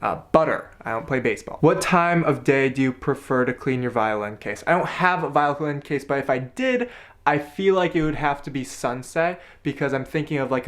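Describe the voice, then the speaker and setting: A young man, a college student answering viewer questions in a casual, self-deprecating Q&A vlog, often jumping into high silly voices. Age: young adult. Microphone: camera with viewfinder, self-filmed.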